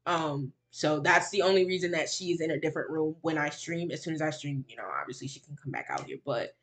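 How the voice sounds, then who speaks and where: A woman streamer giving sarcastic reaction commentary on a video, swinging from mocking exclamations to low muttering. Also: fast talker.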